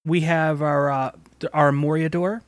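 A man's voice: on the high side, little pitch movement, a little slow, no echo, clean studio sound. A man hosting a casual podcast, rambling with frequent laughs and casual swearing. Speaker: podcast host and game master.

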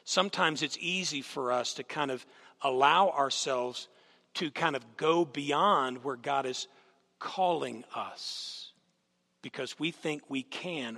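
Gravelly animated male preacher in a reverberant hall. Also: medium pitch. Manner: animated storytelling, asks the congregation questions. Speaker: guest preacher. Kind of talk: sermon. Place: church sanctuary.

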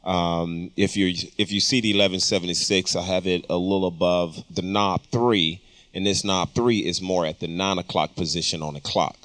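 In this studio tutorial, a male audio engineering teacher walks through vocal compression in a relaxed way, with plenty of ums. He speaks at a normal speed in a low, slightly bright voice, his intonation fairly level, and there's no room reverb on the recording.

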